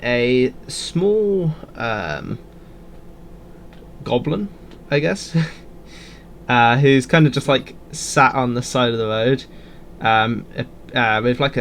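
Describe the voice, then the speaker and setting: Slow, halting game-master narration from a man on a call mic, bright tone, lively pitch. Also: a little hiss or hum. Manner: hesitant, many fillers, giggly. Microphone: headset or desk mic on a call.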